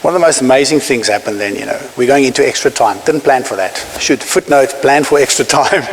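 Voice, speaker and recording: A South African man in his forties tells a story from a conference stage, emphatic and pausing for effect. His mid-pitched voice rings with a long hall reverb, and a faint hiss sits under the recording. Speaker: keynote speaker. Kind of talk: inspirational keynote speech. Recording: hissy hall recording, echoing.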